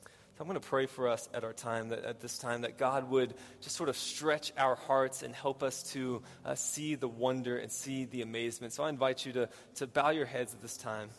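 Male preacher, mid-pitched and earnest, sermon in a reverberant church hall. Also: steady tone, normal speed, a little hiss or hum. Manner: earnest, repeats key phrases.

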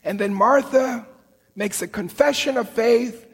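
A man preaching a sermon, telling the story with slow, deliberate emphasis in an earnest manner. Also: extremely high pitch, gravelly, slightly rough, in a large hall, low-quality recording. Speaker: priest.

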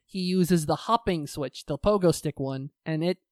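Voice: mid-range voice, normal speed, no room sound. Profane rambling co-host in a dry room. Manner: profane, rambling, acts out quotes in put-on voices. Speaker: podcast co-host recapping a show. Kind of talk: casual chat.

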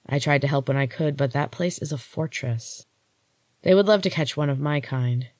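A calm, otherworldly golden goddess speaks in a low, measured hush, as a woman storyteller puts her on. The words come slow and grave. The recording is dry and close. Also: no echo. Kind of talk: audiobook-style story reading.

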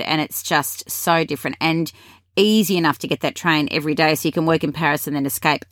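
A woman's voice: sits low, a bit bright, dry recording, clean studio sound. A woman with an Australian accent hosting a podcast, chatting and asking encouraging questions of her guest. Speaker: podcast host. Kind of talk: casual interview chat.

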